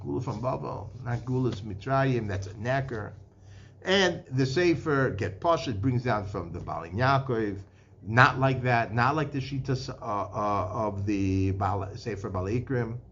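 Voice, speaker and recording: A man's voice: mid-range voice, measured pace, a bit bright, a little hiss or hum. A man giving a Torah lecture in English full of Hebrew and Aramaic terms, often restarting and repeating words as he works through the sources. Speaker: Torah teacher. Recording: dull lo-fi podcast recording.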